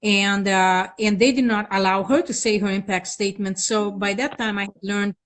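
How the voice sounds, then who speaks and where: A woman guest speaking as a victims' rights advocate, halting with many fillers as she recounts events with rising indignation. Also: medium pitch, steady tone. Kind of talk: conversational interview.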